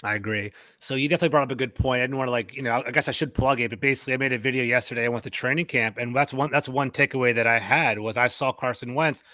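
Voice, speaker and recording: A man's voice: medium pitch, steady tone, bright, forceful tone, no room sound. A man hosting a casual sports roundtable, rambling and conversational as he leads the discussion. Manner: rambling, conversational, fast-talking. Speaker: podcast host.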